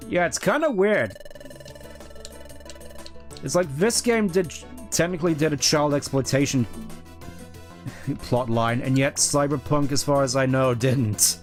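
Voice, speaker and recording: A man's voice: on the high side, unhurried, long pauses, faint music behind. A man streaming a video game, commenting in a casual, wry and joking way.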